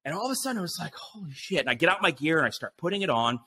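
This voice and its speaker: Bright, forceful man telling a wild story. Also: on the high side, big pitch swings, very fast, breathy edge. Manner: vivid retelling that acts out his own inner voice, with frequent swearing and fillers. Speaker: podcast guest, BASE jumper. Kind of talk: animated storytelling.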